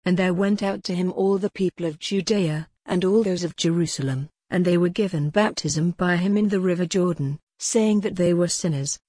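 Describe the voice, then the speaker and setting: Woman, scripture reader, measured steady delivery, breathy, dry close recording. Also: fairly low pitch, dry recording. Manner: steady, even-paced reading with deliberate pauses. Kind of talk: measured Bible reading.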